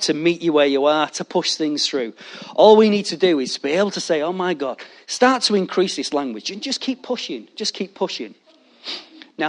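High-voiced preacher, jokey. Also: male voice. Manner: animated, jokey, addresses congregation directly. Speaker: pastor. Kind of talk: sermon.

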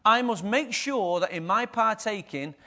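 High-voiced pastor preaching. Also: male voice, expressive, unhurried, bright, forceful tone. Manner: conversational preaching, asks the congregation questions. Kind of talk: sermon.

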